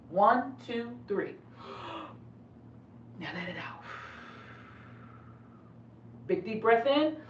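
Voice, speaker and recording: Lively nurse in an echoey room. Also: female voice, mid-range voice, far from the mic, dull audio, a little hiss or hum. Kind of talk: lesson for children.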